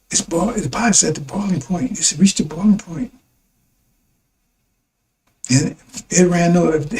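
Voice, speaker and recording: On a low-quality recording, a male preacher whose voice is high-pitched but dark and mellow rambles through a broadcast sermon. He speaks with emphasis, stumbling and repeating himself as he drives his point home to the audience.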